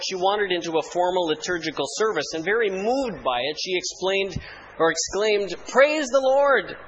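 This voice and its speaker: A man's voice: fairly high pitch, fairly bright tone, highs cut off, slight background noise. A man preaching a sermon, telling humorous church stories with dry wit before turning to scripture. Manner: dry storytelling humor, mock-solemn archaic hymn recitation. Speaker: pastor.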